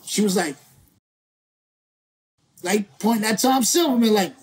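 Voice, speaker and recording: A male rapper as a guest, telling a story in a lively, slangy, profane way and acting out other people's lines. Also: high voice, unhurried, breathy edge. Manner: slangy, profane, acts out quoted voices. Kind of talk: animated storytelling.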